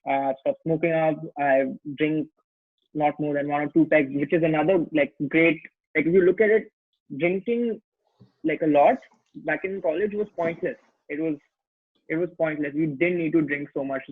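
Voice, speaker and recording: A man's voice: fairly high pitch, normal speed, no room sound. A young man speaking candidly and reflectively in a casual chat, with lots of "like" and "you know". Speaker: podcast guest. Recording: tinny phone-like dry sound.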